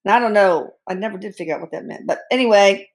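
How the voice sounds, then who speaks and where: A middle-aged woman tells her story as an interview guest, candid and animated. She speaks frankly and breaks in with blunt humor. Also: mid-range voice, fast talker. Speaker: guest, bereaved mother and physician.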